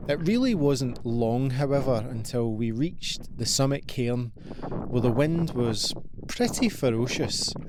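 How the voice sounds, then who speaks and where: A man reading a calm, lightly wry voice-over narration for his hiking video. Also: medium pitch, background noise. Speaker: vlogger narrating.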